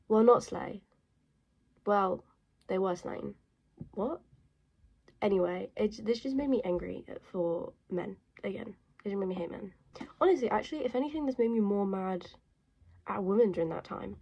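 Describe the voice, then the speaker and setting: A woman's voice: medium pitch, moderate pace, gravelly, dark tone, slightly rough, dull audio. A woman chatting casually and bluntly in her bedroom as she reviews books she has read, rambling as she goes. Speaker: book vlogger. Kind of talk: casual book review chat.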